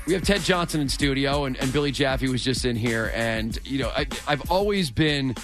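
A man hosting a sports talk radio show, chatty and quick to laugh as he takes calls. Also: mid-range voice, expressive, over music. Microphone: studio mic.

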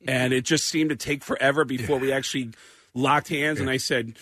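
A man, a stand-up comedian telling an animated story as a talk show guest, acting out the quotes. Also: medium pitch, brisk, no room sound. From New York. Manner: excitable, acts out quotes in jumping voices.

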